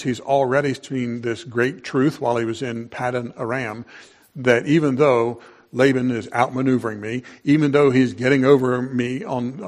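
A male pastor preaching a sermon in an unhurried, conversational way, with frequent fillers and restarts. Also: medium pitch.

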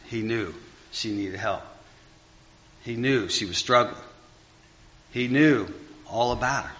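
A man preaching in a loose, conversational sermon, rambling with fillers and restarts, often rising high and then dropping to a near murmur. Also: slow, a bit bright. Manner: rambling, full of fillers and restarts, big swings in pitch and volume. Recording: dull lo-fi recording.

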